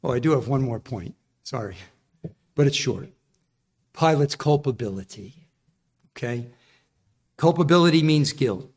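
A man's voice: medium pitch, lively intonation, a little slow, pauses often. A man preaching a sermon in an earnest, emphatic, explaining manner.

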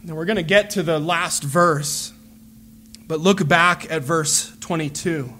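A man preaching a sermon as a pastor, earnest and deliberate, repeating phrases as he builds a point. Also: fairly high pitch, pushed and bright, slight background noise.

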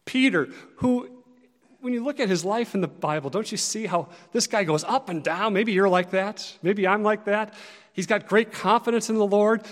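A high-voiced male pastor preaching with earnest, conversational directness. His loudness swells and falls for emphasis, and a long reverb trails each phrase through a large hall. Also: normal speed. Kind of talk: sermon.

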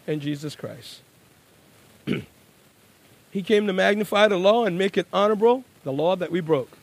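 A man preaching a sermon. He drops to a hushed, low voice, then builds to loud, emphatic bursts and slows down on key words. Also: dry recording.

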